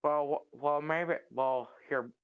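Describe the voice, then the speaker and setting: A man's voice: fairly high pitch, slow, clear, resonant tone, phone-quality sound. A man voicing a grumpy cartoon squid turned angry race car driver, using a nasal put-on voice in improv comedy. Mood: snooty.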